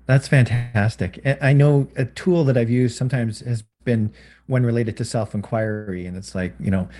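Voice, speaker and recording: Mellow-voiced male interviewer. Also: medium pitch, steady tone, moderate pace. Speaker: host.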